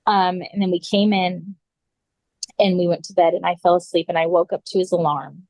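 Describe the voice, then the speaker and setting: Low-voiced woman telling her story. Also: little pitch movement, normal speed, a little mellow, dry recording, poor audio. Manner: earnest retelling, often clears throat. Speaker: podcast guest. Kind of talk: personal storytelling in conversation.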